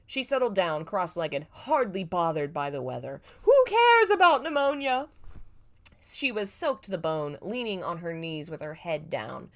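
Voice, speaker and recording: Woman reading her own old fanfic live, teasing herself, lowish voice. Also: very animated, normal speed, few pauses. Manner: self-mocking, laughs at her own writing. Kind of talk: live reading with joking asides.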